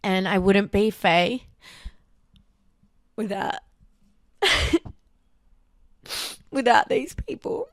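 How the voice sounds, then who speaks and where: A woman's voice: medium pitch, drawn-out words, pauses often, no room sound, clean studio sound. A young Australian woman from Darwin hosting her own podcast, talking in a candid, emotional personal reflection with casual swearing. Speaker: podcast host.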